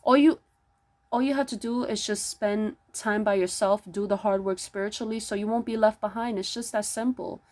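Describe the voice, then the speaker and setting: A woman delivering an impassioned spiritual monologue, preachy and emphatic, stumbling over restarts and pushing into near-yelling rhetorical questions. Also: mid-range voice, steady tone, normal speed. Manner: stammering restarts. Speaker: spiritual vlogger.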